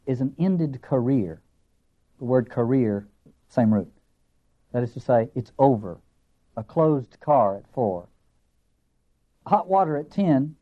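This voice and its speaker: A man with a Southern American accent giving a literature lecture, earnest and emphatic, slow and deliberate, then quick. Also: mid-range voice. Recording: dull lo-fi lecture recording.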